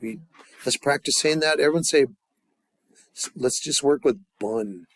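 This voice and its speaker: A man at a mid pitch leads a classroom lesson in a loose, casual way. He slows right down to drill phrases, then drifts into easy, rambling explanations. The sound is dry and close. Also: dry recording. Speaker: language teacher.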